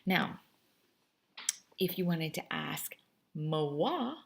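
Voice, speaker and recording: A young woman teaching a French lesson, her voice going a little hoarse, chatty and teasing, slowing down to model each phrase. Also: low-pitched, lively intonation. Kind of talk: classroom lesson recorded for students.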